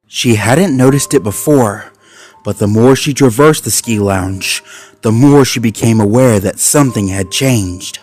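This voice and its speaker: A man's voice: fairly low pitch, darkish tone. Man narrating a suspenseful story.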